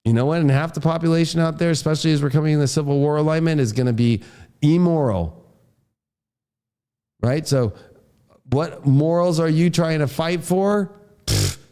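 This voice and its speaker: A man with a high-pitched voice delivers an astrology forecast as a fierce, expletive-heavy rant. He is a father and talks in a heated, combative way. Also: moderate pace, pauses often, warm tone, clear, resonant tone. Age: adult, a father. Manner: heated, profane ranting.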